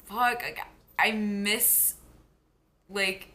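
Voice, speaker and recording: A young woman talks to the camera in a loose, gushing way, full of "like" fillers. Her voice is bright and forward, sitting at a middle pitch for a woman. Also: fairly even intonation, very slow. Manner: gushing, heavy use of "like". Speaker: vlogger. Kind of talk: casual chat.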